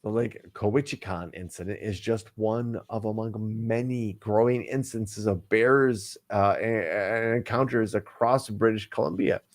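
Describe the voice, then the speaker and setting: A man's voice: lowish voice, steady tone, measured pace, few pauses. A man co-hosting a casual online talk show, reading a news story aloud with hammy jokes, stumbles and asides. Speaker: podcast co-host.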